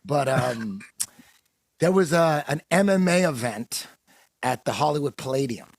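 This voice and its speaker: A man's voice: mid-range voice, expressive, measured pace, gravelly, no room sound. A man hosting a podcast, telling a long, profane story in a rambling way with frequent laughs. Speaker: podcast host. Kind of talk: casual storytelling.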